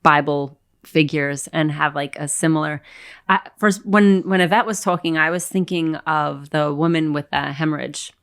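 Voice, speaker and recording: A woman with a low voice talks casually on a faith podcast. She is animated and acts out quoted dialogue as she retells scenes. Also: moderate pace. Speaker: podcast co-host.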